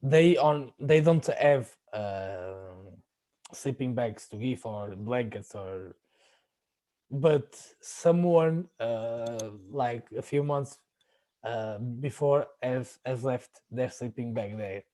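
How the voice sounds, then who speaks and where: A man hosting a casual chat, telling personal stories haltingly, often searching for words and restarting. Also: mid-range voice, animated, mellow, low-quality recording. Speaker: podcast host.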